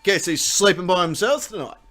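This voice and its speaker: High lively Australian man joking crudely. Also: a little fast, a little hiss or hum. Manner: crude joking, laughs often, trails off into fillers. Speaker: host. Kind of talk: casual comedic live-stream banter.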